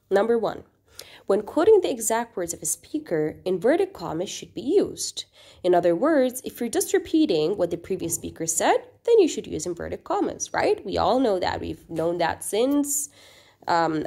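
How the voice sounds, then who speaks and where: This recorded grammar lesson is led by a woman with a medium-pitched, mellow, sing-song voice at normal speed. Patient in her explanations, she often checks on the class and reads example sentences in a lifted, theatrical way.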